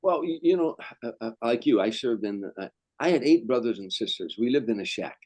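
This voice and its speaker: A man's voice: medium pitch, lively intonation, a little fast, a little mellow, dry recording, poor audio. An older male comedian telling anecdotes as a guest, rambling and restarting sentences. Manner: rambling, repeats words, restarts. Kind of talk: anecdotal storytelling.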